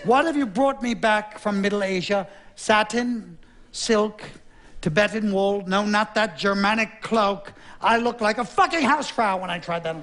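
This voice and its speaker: A man's voice: sits high, normal speed, a bit bright, voice pushed up. A man voicing a vain, melodramatic English king pining after a lover who rejected him. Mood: vain boasting.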